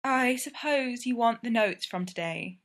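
A patient, bookish young woman who has heard every excuse, as a woman narrator puts her on. She speaks slowly and dryly, with a faintly weary tone. The reading is plain and even. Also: on the high side, close to an everyday voice. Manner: dry and patient. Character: bookish, long-suffering young female student.

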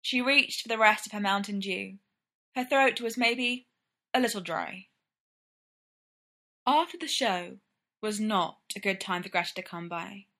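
A woman reading fiction aloud in a measured, even storytelling manner. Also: mid-range voice. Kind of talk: audiobook fiction narration.

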